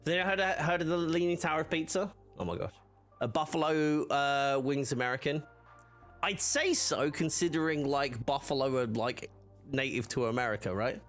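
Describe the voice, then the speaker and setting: A man's voice: fairly high pitch, lively intonation, moderate pace, a bit bright, faint music behind. A man hosting a livestream, chatting casually with viewers and telling rambling stories full of fillers and laughs. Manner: rambling storytelling, laughs often, many fillers. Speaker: livestream host. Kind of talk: casual chat reading live chat.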